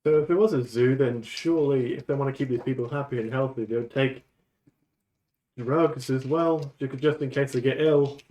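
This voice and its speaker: A man's voice: mid-range voice, normal speed, dark tone, echoey room, poor audio. A man playing a tabletop role-playing game, asking curious, probing questions. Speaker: player.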